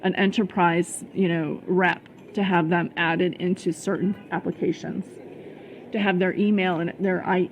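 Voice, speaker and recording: A middle-aged woman tells a personal story on her vlog with emphatic heat, stumbling over restarts and fillers. Her voice has a gravelly edge. A faint noise sits under the recording. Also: lowish voice, low-quality recording. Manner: heated, emphatic, many fillers and repeated words. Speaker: vlogger.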